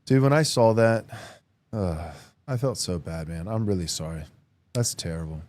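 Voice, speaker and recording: A podcast co-host cutting in with jokes and quick remarks in a casual chat. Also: male voice, deep voice, darkish tone. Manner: joking, chiming in with quips.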